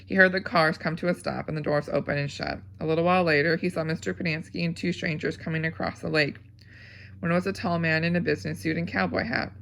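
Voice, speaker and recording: A woman reading a novel aloud at a steady pace, with small slips and restarts. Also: low voice, fast, gravelly, slight background noise. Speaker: audiobook reader.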